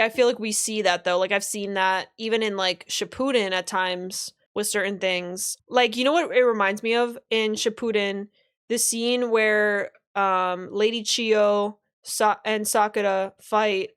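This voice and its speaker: A young woman reacting to anime on a live stream, reading out chat messages and talking casually, swearing and getting excited. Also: mid-range voice, smooth.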